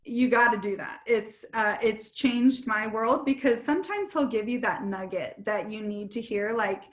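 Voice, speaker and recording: A woman in her thirties shares homeschooling advice over a video call. She talks candidly and pokes fun at herself, with plenty of fillers, and her fairly high voice rings in an echoey room. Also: unhurried. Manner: candid and self-deprecating, many fillers. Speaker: homeschooling mom giving advice.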